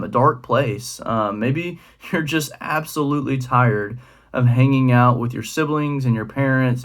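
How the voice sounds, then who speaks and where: A young man talks as a youth pastor giving a short devotional. His voice sits at an ordinary middle pitch. He keeps it relaxed and conversational, with plenty of fillers. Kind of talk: casual devotional talk.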